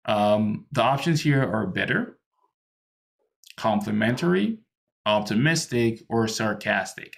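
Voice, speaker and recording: Gravelly male English tutor. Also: fairly low pitch, animated, takes it slowly. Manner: patient, explains with many ums and restarts. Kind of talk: online one-to-one English lesson.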